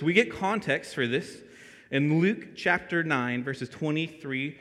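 Man, young adult pastor, animated preaching, slightly high voice, long hall reverb. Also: slow. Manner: animated storytelling, asks the room questions. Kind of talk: sermon.

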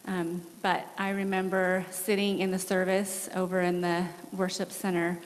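A woman in her forties, a missionary guest, giving an earnest and animated testimony with laughs during a church service. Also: fairly low pitch, normal speed. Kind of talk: candid testimony in an interview. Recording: long hall reverb.

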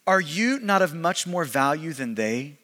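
A man in his thirties preaching a sermon as pastor, animated, swinging from loud emphasis to hushed intensity, in a church sanctuary. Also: fairly high pitch, unhurried. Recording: long reverb of a large hall.

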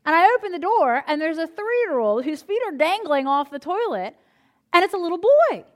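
A woman's voice: very high-pitched, very animated, normal speed, a little mellow. A woman pastor preaching a sermon in a conversational style, telling humorous personal stories.

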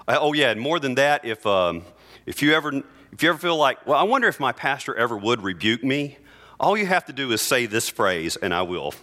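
A middle-aged man preaches a sermon from the altar of a church. His voice is bright and forward, moving from quiet, heavy sorrow to strong, insistent proclamation, with a conversational, heartfelt manner. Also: big pitch swings, moderate pace. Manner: earnest, heartfelt preaching that drops soft and low in grief and rises emphatic. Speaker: priest.

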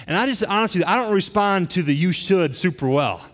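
A middle-aged man preaches with earnest emphasis, pressing his points and often restarting a phrase. His voice sits a little high for a man. It rings with a long reverb through a church hall. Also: animated, a little fast, fairly bright tone. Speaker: pastor. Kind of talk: sermon.

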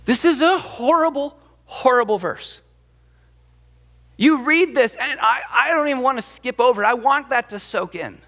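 A pastor preaches with dramatic emphasis and slips into the voices of the people he quotes. His voice sits very high for a man. The sound carries the long reverb of a large church hall. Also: expressive, moderate pace, sharp tone. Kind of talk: sermon. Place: church sanctuary.

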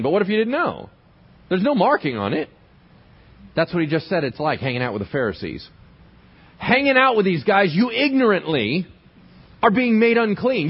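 A pastor delivers a sermon, his high voice leaping up and down as he quizzes the congregation. There is a husky edge to his tone. The recording is dull and lo-fi. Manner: animated, asks the congregation questions.

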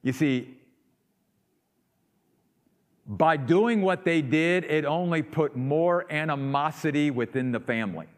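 A man preaching a sermon, rising to loud emphatic peaks and dropping to quiet asides. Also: fairly high pitch, moderate pace. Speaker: pastor. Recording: long hall reverb.

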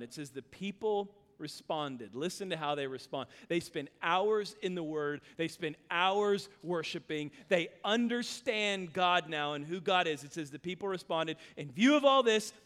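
A high-voiced man preaches to a congregation, swinging between quiet reflection and loud, lively storytelling. His voice rings with a long hall reverb. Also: clean tone. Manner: animated storytelling, acting out his son's voice. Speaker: pastor. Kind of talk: sermon.

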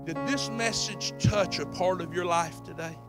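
High-voiced pastor preaching over music. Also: male voice, moderate pace. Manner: emphatic, swings from soft to loud; talks directly to the congregation. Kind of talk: sermon with altar call. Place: church sanctuary. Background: soft live music, piano and guitar.

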